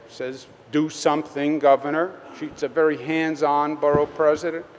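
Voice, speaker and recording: Queens-accented man speaking at a public event. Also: a little high. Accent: Queens New York. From Queens, New York. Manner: conversational, halting with many fillers. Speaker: state governor. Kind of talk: public speech at a press event. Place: public event at a tunnel site. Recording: long reverb, faint background noise.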